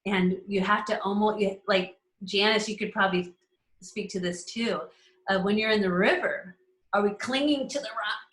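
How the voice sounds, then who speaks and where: Speaking at a moderate pace in a medium-pitched, fairly bright voice, a woman leads a live astrology community call. The teaching chat is casual, she laughs a lot and greets members by name, and the room echoes around her.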